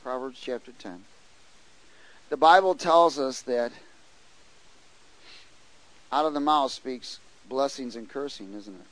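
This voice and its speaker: A man's voice: mid-range voice, takes it slowly, pauses often, poor audio. A man preaching a sermon, telling personal stories animatedly and acting out the voices of people he met. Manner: animated storytelling, acts out voices, frequent restarts.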